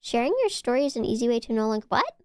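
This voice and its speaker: Bright-voiced woman streamer, rambling chat. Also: on the high side, sing-song, racing, clean tone, dry recording, clean studio sound. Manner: rambling, playful, swears freely. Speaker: VTuber streamer. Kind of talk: casual livestream chat.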